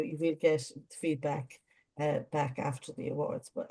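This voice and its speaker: A woman's voice: deep voice, steady tone, a little slow, gravelly. An Irish woman leading an online training meeting, giving chatty advice with lots of ums over a video call. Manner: chatty, warm advice with many fillers. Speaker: adjudicator training lead.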